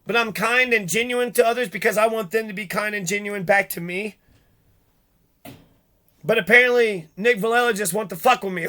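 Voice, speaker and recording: A man's voice: high voice, normal speed, sharp tone. A middle-aged man delivering an angry, profane vlog rant full of rhetorical questions. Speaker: vlogger. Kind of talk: angry ranting monologue.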